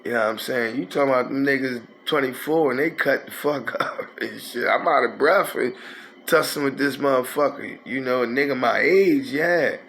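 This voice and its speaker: A man's voice: medium pitch, normal speed, fairly bright tone, a little hiss or hum. A man, telling a rambling, profane street story in a casual way. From North Philadelphia. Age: 50s.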